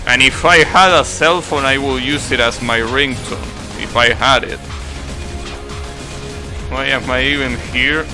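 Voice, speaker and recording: A man's voice: mid-range voice, fairly even intonation, measured pace, music in the background. A young man live-streaming a game, chatting casually with viewers in a rambling, self-correcting way, swearing now and then.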